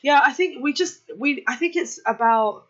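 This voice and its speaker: A woman from London, a DJ and actor, talking about her short film in a warm, hesitant way with many ums. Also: high voice, moderate pace, highs cut off. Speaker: guest, DJ and actor. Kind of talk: casual interview.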